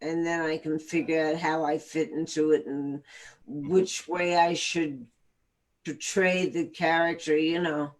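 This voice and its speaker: Slow-talking New York woman. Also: low-pitched. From the Bronx, New York. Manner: slow, relaxed, laughs easily. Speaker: guest actress. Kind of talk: casual live video chat.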